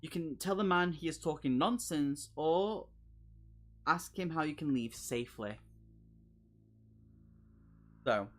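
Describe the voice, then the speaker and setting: A man's voice: a little high, expressive, a little slow, long pauses, a bit bright, soft background music. Chatty man reading a gamebook live. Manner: chatty, jokey, talks to chat between passages. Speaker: streamer host. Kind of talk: live playthrough of a solo horror gamebook, reading aloud and chatting.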